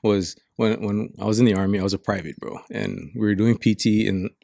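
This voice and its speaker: A man's voice: lowish voice, fairly even intonation, fairly quick, vocal fry, a little mellow, no echo, clean studio sound. A man from Saipan telling stories in a casual chat, frank and reflective, swearing often. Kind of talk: casual storytelling.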